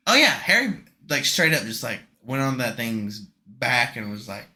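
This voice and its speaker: A man's voice: mid-range voice, big pitch swings, moderate pace, sharp tone, a little hiss or hum. A young man co-hosting a podcast in casual chat, joking and rambling, laughing often. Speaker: podcast co-host.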